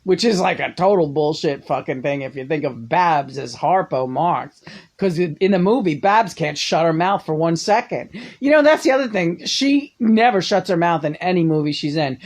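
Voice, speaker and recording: Profane, animated woman ranting. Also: fairly low pitch, moderate pace. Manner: profane, sarcastic, laughs often. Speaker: movie reviewer. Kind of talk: casual rambling monologue.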